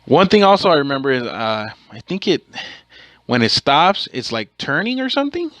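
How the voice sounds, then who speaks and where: A man's voice: fairly high pitch, sing-song, normal speed, fairly bright tone, no echo. A man hosting his own podcast, telling a rambling, profane story in a casual way and correcting himself as he goes. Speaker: podcast host.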